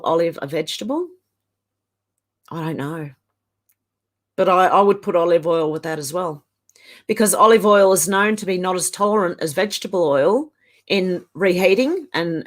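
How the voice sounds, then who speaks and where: An Australian woman in her fifties, hosting a casual live stream and chatting as she reads viewer comments aloud. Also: fairly low pitch.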